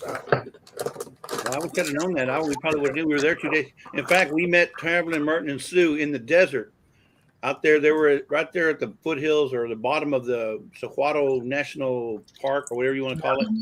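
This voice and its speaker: Male host, folksy and enthusiastic, bright and a bit high. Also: fairly even intonation, brisk, a little hiss or hum. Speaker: host of a live chat show. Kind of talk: casual chat.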